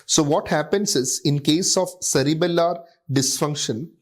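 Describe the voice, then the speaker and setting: A man teaches a clinical medicine lesson. He leans on "okay" and "uh" as fillers and repeats key terms over and over so they stick. His delivery is steady and explanatory, like a tutor walking residents through a topic. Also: on the high side, moderate pace. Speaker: medical lecturer.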